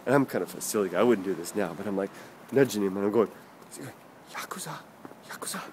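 A man's voice: on the low side, racing, darkish tone, a little hiss or hum. A middle-aged man casually telling a rambling personal story for his vlog while walking down a street outdoors. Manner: rambling and chatty, with many fillers and self-corrections. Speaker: vlogger.

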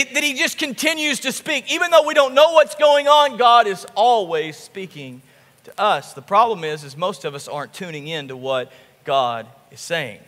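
A male pastor preaching a sermon, telling the story with animated, emphatic repetition. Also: extremely high pitch, long reverb tail. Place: church sanctuary.

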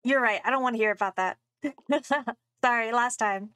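A playful young woman streams a game and thinks aloud as she plays. Her voice sits fairly high. The sound is close and dry. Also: moderate pace, a bit bright, clear, resonant tone, no echo. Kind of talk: game playthrough commentary.

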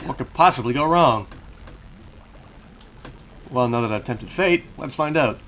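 A man's voice: medium pitch, lively intonation, a little slow, a bit bright, slight background noise. A young man giving casual, joking gameplay commentary at home, swearing now and then and chatting to his cat at the desk mic. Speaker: let's play host. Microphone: desk microphone.

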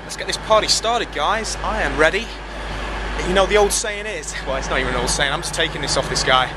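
A young man, vlogging casually about his trip and getting loud and excited when he meets his friends. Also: on the high side, fairly quick. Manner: chatty, gets excited and shouty with friends. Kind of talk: casual travel vlog. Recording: noisy handheld camera audio.

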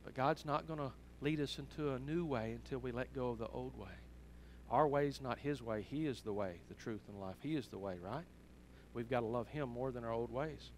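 A man's voice: medium pitch, brisk, slight background noise. A man, a pastor, giving an earnest sermon directly to his church. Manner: earnest storytelling, direct address.

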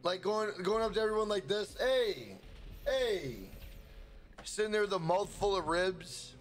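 High-voiced and steady in tone, a young man from Minnesota talks a little quickly as he streams a game live. His manner is hyped and profane; he chats loosely and gives shout-outs to people in his chat.

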